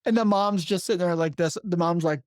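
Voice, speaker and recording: A man hosting a podcast, trading stories from emergency nursing in a quick, chatty way with laughing asides. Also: high-pitched, dry recording, clean studio sound. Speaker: podcast host, emergency nurse. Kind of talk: casual conversation.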